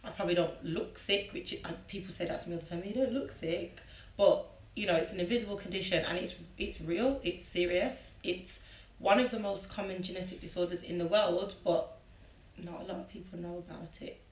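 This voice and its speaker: Friendly brummie woman as the guest, kinda low voice, roomy echo. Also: fairly even intonation, brisk, distant mic. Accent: Birmingham. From Birmingham, England. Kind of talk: casual interview talk.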